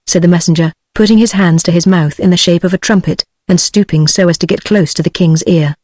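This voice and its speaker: Flat text-to-speech audiobook narrator. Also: medium pitch, a little fast, hardly any pauses, dry recording. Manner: flat synthetic reading.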